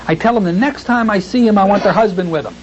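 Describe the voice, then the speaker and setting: A man explains hypnosis technique to trainees in an easygoing, folksy lecture, easing into a slow, soothing delivery when he acts out his suggestions. The recording is dull and lo-fi, with a faint hiss under the voice. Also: sits high. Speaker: hypnotherapy instructor.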